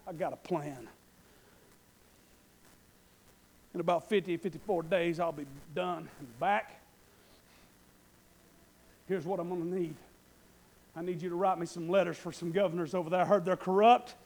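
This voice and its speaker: A man voicing a biblical male leader calmly laying out a plan, in a low, hushed, businesslike way. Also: moderate pace, pauses often, poor audio. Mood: steady, planning.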